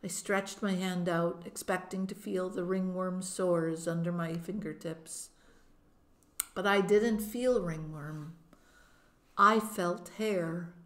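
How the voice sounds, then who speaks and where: A woman narrates a first-person novel as an audiobook. Her reading is slow and measured, with an expressive touch. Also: on the low side.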